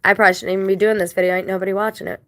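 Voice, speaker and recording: A woman's voice: medium pitch, level tone, racing, a bit bright, no echo. A woman telling a long story in a casual vlog, indignant and rambling, with religious turns of phrase. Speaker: vlogger.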